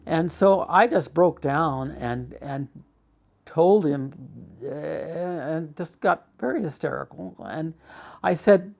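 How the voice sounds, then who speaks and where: Gravelly older man recounting his past. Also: on the high side, a little mellow. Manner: halting, full of restarts and fillers. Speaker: documentary interviewee. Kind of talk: personal storytelling.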